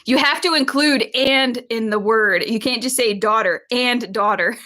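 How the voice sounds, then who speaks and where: Bright, chatty woman co-host. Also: on the high side, normal speed. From Virginia, USA. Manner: chatty, laughs often. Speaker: livestream co-host reading viewer comments. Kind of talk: casual chat.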